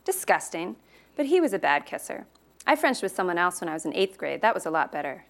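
A woman's voice: fairly low pitch, big pitch swings, fast, vocal fry, fairly bright tone, exaggerated voice. A bold, impish teenage girl, as a woman reads her aloud, breezy and teasing. She brushes off questions with easy confidence. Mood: confiding.

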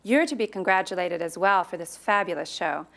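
A smooth, middle-aged art journalist, voiced by a woman reading aloud, polished and full of compliments. He speaks with easy, practiced charm. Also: lowish voice, fairly quick. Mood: flattering. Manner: polished, flattering.

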